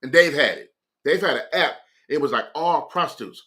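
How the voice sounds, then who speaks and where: A man's voice: a little high, moderate pace, fairly bright tone. A man hosting a morning show, telling a comic story in a loose, slangy way and laughing often.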